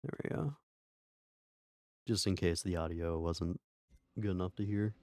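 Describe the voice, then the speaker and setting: Male streamer, deep and gravelly, casual wry commentary over gameplay. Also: measured pace, darkish tone, no echo. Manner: joking, wry, laughs often.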